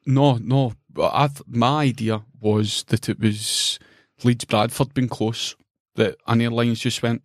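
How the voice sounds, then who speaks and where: A man's voice: medium pitch, unhurried, hardly any pauses, no echo, studio quality. Sweary ranting Scottish man. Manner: ranting, sweary, animated storytelling. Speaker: podcast co-host. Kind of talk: casual chat.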